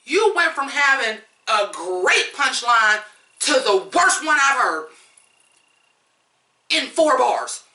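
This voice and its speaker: A woman's voice: high-pitched, big pitch swings, takes it slowly, long pauses, pushed and bright, roomy sound. A woman reviewing songs in a blunt, profane, fired-up rant. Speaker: music reviewer. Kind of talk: ranting song review.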